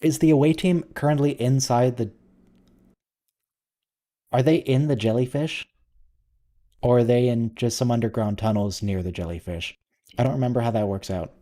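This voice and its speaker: A man's voice: mid-range voice, normal speed, pauses often, mellow. A man hosting a watch-along, chatting casually and thinking aloud as he comments on the episode. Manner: musing, conversational, thinks aloud with restarts.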